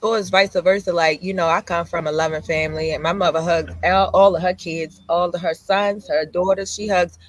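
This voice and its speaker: A woman's voice: on the low side, steady tone, fairly quick, hardly any pauses. A woman in her thirties speaking as a podcast guest, blunt and casual, laughing between lines. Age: 30s. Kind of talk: casual chat.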